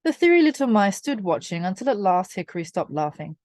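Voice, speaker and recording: A woman reading a children's storybook aloud, slow, clear and expressive for young listeners. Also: fairly low pitch, no room sound, clean studio sound. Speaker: reader.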